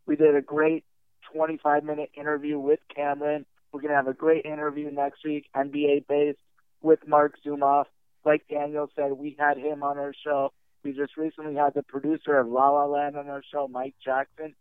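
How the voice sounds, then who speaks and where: A man's voice: a little high, monotone, normal speed, smooth, no echo. A young man, a guest podcaster, earnestly and upbeatly promoting his own sports show. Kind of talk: promotional pitch. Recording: tinny phone-like line.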